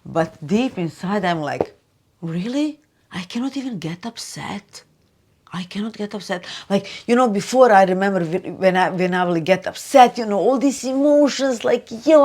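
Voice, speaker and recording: A woman hosting a spiritual video, talking loosely and chattily with lots of "you know" and "like", turning soft and hushed for advice. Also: mid-range voice. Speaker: spiritual channel host. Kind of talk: casual spiritual talk to camera.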